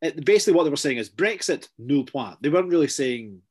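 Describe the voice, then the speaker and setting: A middle-aged man, chatting casually as a podcast co-host, sardonic and full of quick asides. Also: a little high, animated, a little mellow, husky. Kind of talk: casual chat.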